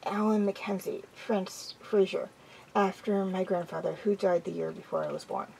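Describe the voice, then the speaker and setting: A woman voicing a newly turned young male werewolf in an amateur audiobook reading, speaking slowly and dreamily. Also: mid-range voice, fairly even intonation, vocal fry, warm tone, a little hiss or hum, low-quality recording. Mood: dreamy. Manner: slow and dreamy.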